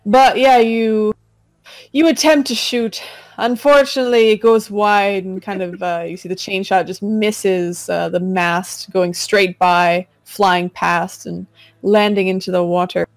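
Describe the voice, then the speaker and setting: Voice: medium pitch, steady tone, unhurried, no echo. Casual game master narrating pirate combat. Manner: casual, describing action with fillers.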